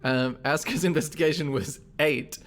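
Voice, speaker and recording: A man narrating as game master and podcast host, relaxed and chuckling as he goes. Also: a little high, normal speed.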